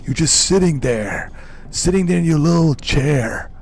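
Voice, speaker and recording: A man doing an impression of a boastful, macho older ex-governor who brags slowly and taunts his listener. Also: a little high, expressive. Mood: boastful taunting. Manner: slow, swaggering macho bragging.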